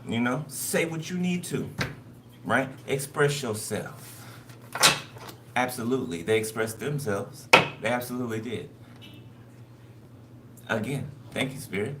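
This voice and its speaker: A man's voice: medium pitch, a little slow, long pauses. A man giving a casual spoken tarot reading, loose and conversational, who keeps checking in with his listeners. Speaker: tarot card reader. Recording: noisy recording.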